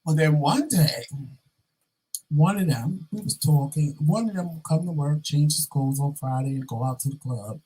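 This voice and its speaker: A man vlogging, telling a story in a casual, animated and sassy way with dramatic asides to his viewers. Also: fairly high pitch, normal speed, slightly rough, low-quality recording.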